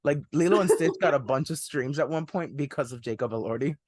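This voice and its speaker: Excited and laughing as he talks, this young film podcast host keeps the movie chat loose and throws out "one hundred percent." His voice runs on the high side with lively intonation and a darkish tone, fairly quick, recorded dry at studio quality.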